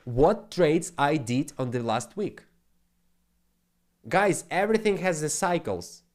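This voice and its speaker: A man from Ukraine hosting a live trading stream, talking quickly in animated, slightly broken English. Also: fairly high pitch. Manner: fast, animated, non-native grammar. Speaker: trading channel host. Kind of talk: live stream market commentary.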